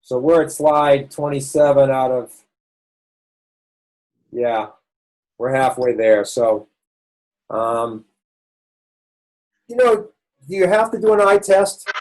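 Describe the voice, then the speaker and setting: A man's voice: mid-range voice, lively intonation, slow pace, pauses often, a little mellow, low-quality recording. Rambling man lecturing on health. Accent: Boston. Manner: conversational, rambling explainer with restarts. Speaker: doctor presenting a health session. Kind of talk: online presentation lecture.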